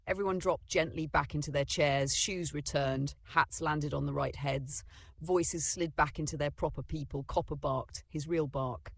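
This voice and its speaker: Narrator for a kids' storybook, gravelly, husky, dry close sound, dramatic delivery. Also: mid-range voice, dry recording.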